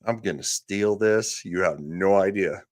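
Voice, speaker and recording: A man's voice: sits low, unhurried, a little mellow. A man giving casual live commentary on a podcast clip, profane and sarcastic, with laughing asides. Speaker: streamer reacting to a podcast clip.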